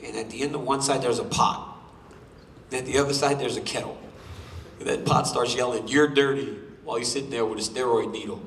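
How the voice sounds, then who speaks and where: A man's voice: medium pitch, steady tone, fast, gravelly, fairly bright tone, slight background noise. A man in his thirties answering questions at a press conference, boastful and joking as he trash-talks his rivals. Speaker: champion fighter at a press conference. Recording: roomy hall, voice from a distance.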